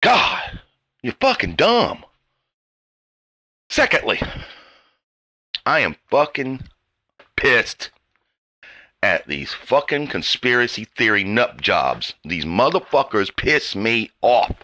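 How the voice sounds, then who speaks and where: A man on a profane, sarcastic tirade, his bright, tense voice swinging widely in pitch as he mutters low, then jumps into mocking high outbursts. The sound is close and dry, with no room around it. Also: wildly swooping pitch, slow pace, long pauses, dry recording. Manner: sarcastic, swears constantly, mocks mimicking voices; bursts from low mutters to sudden high shouts. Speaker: vlogger ranting to viewers. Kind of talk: angry profane rant.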